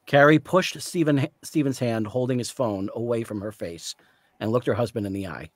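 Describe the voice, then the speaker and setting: Guy reading out a novel's narration, steady storyteller, dry close sound. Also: medium pitch, moderate pace, no echo. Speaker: author reading.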